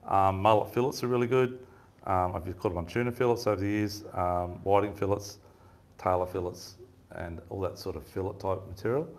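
A man's voice: sits low, steady tone, brisk, a little mellow. A man giving a fishing seminar, telling rambling stories in a casual chatty way and laughing often. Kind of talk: casual storytelling talk. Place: seminar room with audience.

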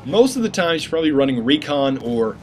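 A man talking over his own gameplay in a loose, slangy, joking way, drifting into mock-serious asides. His voice sits a little high for a man. A faint hiss of noise runs under the recording. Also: sing-song, brisk. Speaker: gameplay commentator. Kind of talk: casual gameplay commentary.

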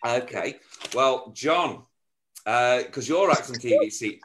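A man's voice: mid-range voice, slow pace, noisy background. A man hosting a casual remote interview over a video call, chatty and reading from his notes with plenty of ums. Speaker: interview host.

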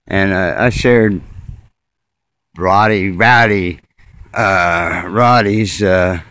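A man's voice: low voice, drawn-out words, a bit bright, clear, resonant tone, dry recording, poor audio. A man vlogging outdoors on a phone while walking his dog at night, rambling sarcastically and swearing freely as he rants. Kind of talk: casual rambling commentary while filming.

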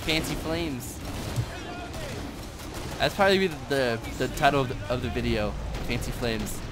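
A young man casually commentating a shooter game, swearing and shouting at enemies as he plays. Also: mid-range voice, expressive, measured pace. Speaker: gameplay commentator. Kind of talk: casual gaming chat. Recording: game audio behind with clear gunfire noise.

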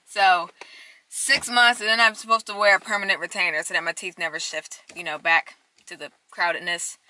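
A young woman talks to her viewers in a casual, chatty vlog, calling them y'all. Her voice is very bright and sharp. She speaks from inside her car, with faint car noise behind her. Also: mid-range voice, low-quality recording. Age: young adult. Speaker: vlogger. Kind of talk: casual vlog talk to camera. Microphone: handheld camera.

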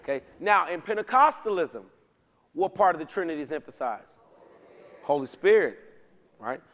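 A man leads a Bible study as pastor, his slightly high voice carrying into a long, ringing church reverb. He teaches in a relaxed, folksy style and often checks in with his listeners. His casual slang keeps the teaching conversational. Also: moderate pace. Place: church sanctuary.

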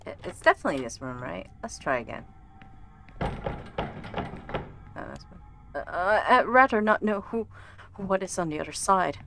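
A woman talks through her game in a relaxed, thinking-aloud way, her voice on the low side but moving up and down a lot. She breaks into quick exclamations when things go wrong. Faint game music plays behind her. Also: creaky. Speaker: streamer. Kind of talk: casual gameplay commentary.

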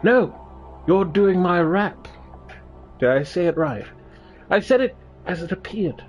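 Young male streamer, lively swinging voice, swears at the game, music low behind. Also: a little slow, muffled recording. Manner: excitable, swears and mutters at the game. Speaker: live streamer. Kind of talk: casual gaming commentary.

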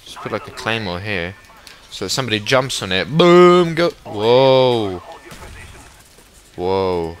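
A young man giving excitable live commentary over a shooter game, sometimes swearing at it. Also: on the low side, slow, long pauses. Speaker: gaming commentator.

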